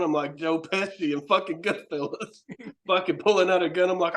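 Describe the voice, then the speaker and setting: A man's voice: a little high, steady tone, normal speed, fairly bright tone. A middle-aged man with a Tennessee accent, telling rambling, profane stories with laughs in a casual podcast chat. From Knoxville, Tennessee. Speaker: horror host and wrestler.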